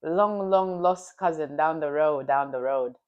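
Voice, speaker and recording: A woman's voice: low-pitched, measured pace, highs cut off. A woman hosting a live stream, chatting casually and teasing her friends with plenty of laughter. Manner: playful, teasing, laughs often. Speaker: livestream host. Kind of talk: casual chat.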